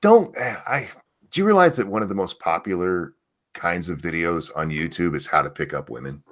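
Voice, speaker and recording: Lively low-voiced man riffing crudely. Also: brisk. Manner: loose rambling crude humor, animated. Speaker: show host. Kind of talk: casual podcast chat reading donations.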